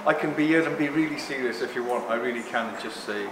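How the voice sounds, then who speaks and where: A man of Greek heritage, a guest speaker, gives a live talk to an audience, jokey, rambling, and loud, speaking fast without a microphone. His voice is mid-range. The room recording is echoey with background noise.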